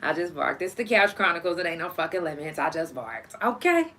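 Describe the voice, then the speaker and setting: A young woman with a lowish voice talks fairly quickly on her casual solo podcast, and a faint hiss or hum runs under the audio. Animated and openly profane, she speaks to her listeners directly.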